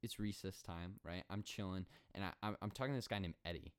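A man's voice: low voice, fast, smooth. A man of twenty hosting a solo podcast, telling a story in a rambling, sarcastic way with many fillers. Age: 20s. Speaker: podcast host.

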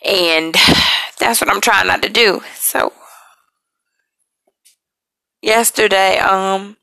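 Slow, gravelly woman sharing personal struggles. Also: mid-range voice, bright, forceful tone, no echo. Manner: emotional, halting, apologetic. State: tired. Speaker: podcast host. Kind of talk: personal confessional talk.

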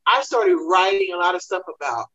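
A woman comedian talking through a panel discussion, telling her story in quick animated bursts. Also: fairly low pitch, dull audio.

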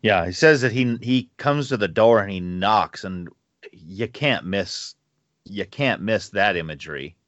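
A man co-hosting a podcast, talking through a Bible passage in a reflective, halting way with many restarts. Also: lowish voice, lively intonation, fairly bright tone, no room sound, muffled recording. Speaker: co-host of a Bible study podcast. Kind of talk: casual Bible discussion.

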